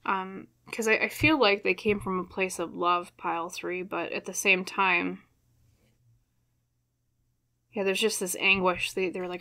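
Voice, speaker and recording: Young female tarot reader, emotional and halting, speaks low with a flat, even delivery. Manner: soft, hesitant, many fillers and restarts. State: choked up, emotional. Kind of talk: pick-a-card tarot reading to camera.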